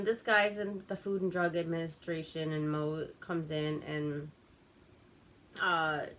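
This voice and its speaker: Giggly, slow-talking woman recapping a movie. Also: lowish voice, fairly bright tone. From Alaska. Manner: giggly, profane, rambling with many fillers. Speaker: movie reviewer host. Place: at home.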